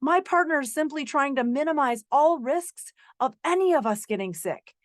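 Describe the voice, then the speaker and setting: A woman's voice: high voice, animated, moderate pace, dry recording, clean studio sound. A middle-aged woman from North Carolina hosting a podcast, telling a personal story in an earnest way, sometimes turning sarcastic. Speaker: podcast host.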